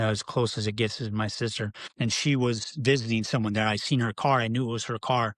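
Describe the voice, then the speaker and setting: A man's voice: mid-range voice, no echo. A middle-aged man, a podcast guest, telling his life story in a rambling, candid way with many fillers and restarts.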